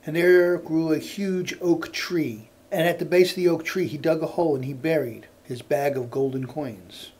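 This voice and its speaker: A male storyteller telling a folk tale in an unhurried cadence that repeats phrases for effect. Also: on the high side, fairly even intonation, a little mellow, husky.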